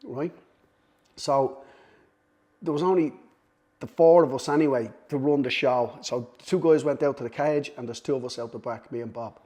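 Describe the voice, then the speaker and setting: A man's voice: medium pitch, normal speed, dark tone. A middle-aged man, a podcast guest, telling a casual, self-deprecating story. He swears freely and acts out other people's lines. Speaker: guest, cutman.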